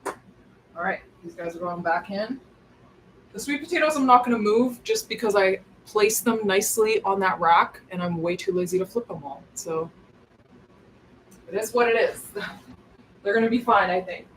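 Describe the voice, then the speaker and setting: A chatty woman talks casually while she cooks in her home kitchen. She rambles and wanders away from the mic now and then. Her voice sits at a middling pitch, and faint kitchen noise runs underneath. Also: moderate pace, pauses often, low-quality recording. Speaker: cooking livestream host. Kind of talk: casual chat while cooking.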